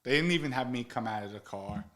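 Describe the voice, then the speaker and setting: A man's voice: medium pitch, animated, quick pace, a bit bright. A man telling a story casually, chatty and profane, as host of his own channel.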